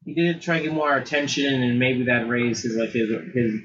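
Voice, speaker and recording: A man's voice: medium pitch, normal speed. A man co-hosting a casual podcast chat, joking bluntly in slangy talk. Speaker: podcast co-host. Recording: dull lo-fi recording with crowd noise behind.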